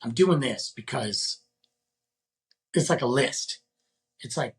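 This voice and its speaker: A man's voice: mid-range voice, expressive, slow pace, long pauses, fairly bright tone, breathy edge. A man hosting a podcast, ranting in an exasperated, casual way and firing off rhetorical questions. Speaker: podcast host.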